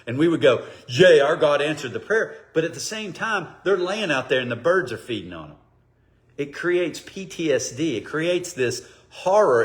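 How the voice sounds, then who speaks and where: A man teaching a Bible study, speaking conversationally and telling stories, acting out voices. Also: medium pitch. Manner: conversational, animated storytelling with acted quotes. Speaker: pastor. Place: church, streamed online.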